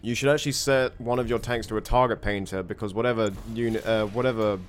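A man's voice: fairly low pitch, steady tone, quick pace. A man giving rambling, sweary let's-play commentary. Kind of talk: gaming commentary.

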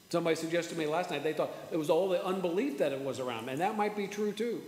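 A man preaching a sermon as pastor, earnest, repeating words and slowing down for emphasis. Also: fairly high pitch, a little hiss or hum. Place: church sanctuary. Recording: echoey church hall with faint ambience.

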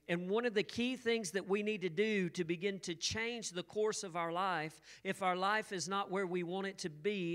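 An earnest pastor preaches in measured, repeating phrases, leading a prayer before teaching from scripture. His voice is smooth and resonant, sitting a little high for a man. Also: a bit bright. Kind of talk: sermon with opening prayer. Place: church service streamed online.

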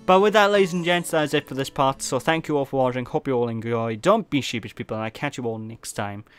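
Rambling jokey let's play host. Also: male voice, medium pitch, quick pace, clear, resonant tone. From Wales. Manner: rambling, self-mocking, jokey asides. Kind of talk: casual gameplay commentary. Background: game music.

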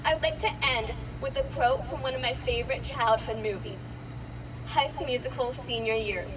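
A woman's voice: high voice, moderate pace, distant mic, noisy background. Teen girl reading a graduation speech. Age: late teens. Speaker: graduating student giving a speech.

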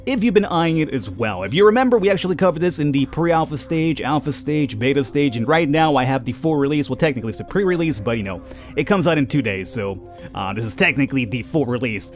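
A man hosting a casual let's-play, chatting and rambling as he plays and laughing easily. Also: on the high side. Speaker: gaming YouTuber.

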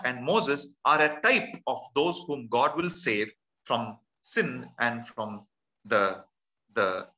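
Bright-voiced male preacher. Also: on the high side, poor audio. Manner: slow emphatic scripture reading with repetitions. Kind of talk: sermon. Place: church.

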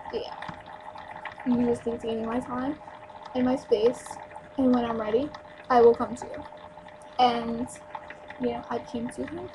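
A young woman from New Jersey venting bluntly into her webcam at home, emphatic and swearing freely. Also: fairly high pitch. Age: young adult. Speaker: store clerk venting on a vlog. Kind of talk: casual webcam rant. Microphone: built-in webcam mic. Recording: noisy webcam recording.

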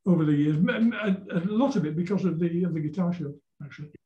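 Older man, seventies, Yorkshire accent, rambling anecdotes, repeats words, mellow tone, echoey room. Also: fairly high pitch, fast, muffled recording. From Yorkshire, England. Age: 70s. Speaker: guest folk singer-songwriter. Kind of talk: casual interview storytelling.

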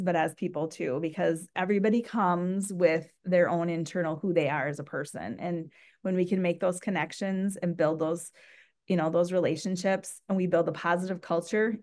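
A woman's voice: on the low side, a little mellow. A woman, an education leader speaking as an interview guest, earnest and full of fillers. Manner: earnest, filler-heavy speech. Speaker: guest, school principals' association director. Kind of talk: casual interview chat.

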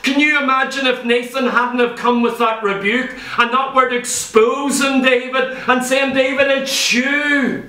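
A man's voice: extremely high pitch, steady tone, normal speed, hardly any pauses, sharp tone. A man preaching a sermon in a church, telling a Bible story with emphatic repetition. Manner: emphatic storytelling preaching, repeats key phrases. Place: church hall. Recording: roomy church sound, mic far off.

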